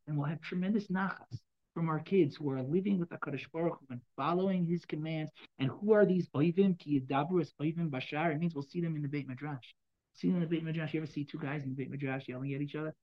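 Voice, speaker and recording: A man teaching a Torah text study class. He reads Hebrew verses aloud, explains them in English, repeats himself and keeps checking in with his students. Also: a little high. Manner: fast, repetitive, checks in with students. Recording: dull lo-fi sound.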